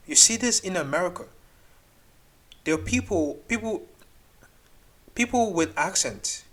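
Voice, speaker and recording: A man's voice: on the high side, a bit bright. Exasperated man ranting. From Nigeria. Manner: exasperated, argumentative, thinks aloud with restarts. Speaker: reaction video host. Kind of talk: ranting reaction commentary.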